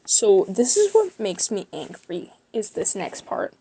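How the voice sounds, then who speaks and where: A teenage girl rattles through stories from school in a casual, rambling way, full of "like" and "you know." Her voice sits in a middle range, and she keeps slipping into quick impressions of classmates and teachers. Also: mid-range voice, breathy edge. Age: teens. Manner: animated, acts out people in her stories; quick, rambling with many fillers. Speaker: YouTuber. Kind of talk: casual storytelling.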